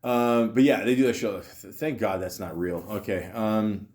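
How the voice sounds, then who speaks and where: Young canadian guy on his podcast, lowish voice, rambles and swears, jokes at himself. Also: fairly even intonation, moderate pace, a little mellow. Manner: rambling, self-mocking asides with frequent swearing. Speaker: podcast host. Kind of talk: casual commentary reading a list aloud.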